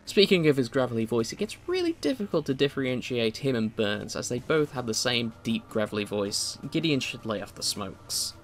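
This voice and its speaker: Male reviewer for a voice-over, mid-pitched, dry quips in a scripted read, faint music underneath. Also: sing-song, normal speed, hardly any pauses. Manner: wry, opinionated asides. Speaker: video game reviewer.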